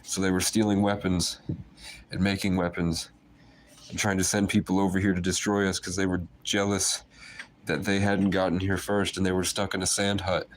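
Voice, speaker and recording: A man's voice: sits low, flat delivery, moderate pace, slight background noise. A man rambling to his viewers in a conspiratorial livestream monologue.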